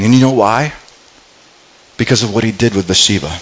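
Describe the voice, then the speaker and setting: A man's voice: on the low side, fairly quick, long pauses, low-quality recording. Earnest male preacher retelling scripture. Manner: earnest storytelling, frequent repeated words. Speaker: pastor. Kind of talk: sermon.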